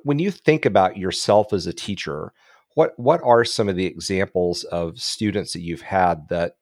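Deep-voiced man hosting a podcast. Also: no room sound, clean studio sound. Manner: hesitant, many restarts and fillers. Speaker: podcast host. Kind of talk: podcast interview.

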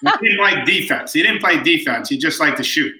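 A man's voice: fairly high pitch, lively intonation, a little fast, roomy sound, rough recording. A middle-aged man telling family anecdotes as an interview guest, quoting people as he goes. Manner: warm anecdotal storyteller, quotes people. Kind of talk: storytelling interview.

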